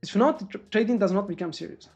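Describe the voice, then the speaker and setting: An excitable woman trader streams live commentary on her trades to viewers. Her voice sits in a middle register, and she swears freely and chats loosely. Faint music plays in the background. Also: medium pitch, fast talker, breathy edge.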